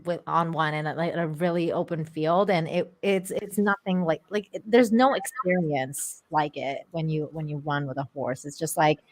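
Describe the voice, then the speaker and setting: A woman's voice: sits low, fairly even intonation. A woman guest on a casual podcast, enthusiastic and stumbling over her words. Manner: enthusiastic, halting restarts. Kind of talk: casual group chat.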